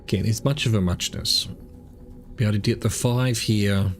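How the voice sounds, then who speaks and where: A man's voice: fairly low pitch, fairly even intonation, moderate pace, faint music behind. A man streaming a game, reading its text aloud and rambling through self-mocking asides. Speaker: gaming streamer.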